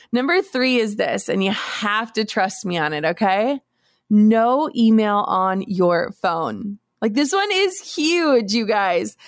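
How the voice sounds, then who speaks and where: A woman's voice: medium pitch, creaky, dry recording, studio quality. A woman in her thirties hosting a podcast, talking in a chatty, encouraging way with lots of "like". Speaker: podcast host. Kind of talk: casual solo podcast talk.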